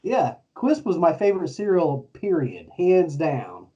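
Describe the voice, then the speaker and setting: Laid-back middle-aged male co-host, slightly higher voice, distant dull recording. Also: big pitch swings, unhurried, dark tone, a little hiss or hum. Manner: laid-back, chuckling, storytelling. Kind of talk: casual chat. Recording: distant, muffled lo-fi mic.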